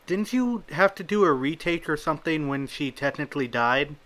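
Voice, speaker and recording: A young man of nineteen hosts a casual interview over a voice call, his voice sitting a touch high and sounding bright and forward. He hesitates and restarts often while asking questions. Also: expressive, normal speed. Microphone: computer mic on a voice call.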